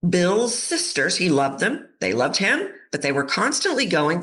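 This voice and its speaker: A woman's voice: fairly low pitch, takes it slowly, few pauses. A woman voice coach giving an interview on a podcast, talking expressively and acting out the voices of people in her stories. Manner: expressive, acts out quoted voices. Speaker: voice coach guest.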